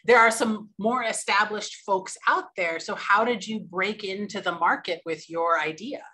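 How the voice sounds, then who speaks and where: A woman asks an interview guest questions in a relaxed, conversational way. Her voice is bright and mid-pitched, and she sometimes pauses to find the right words.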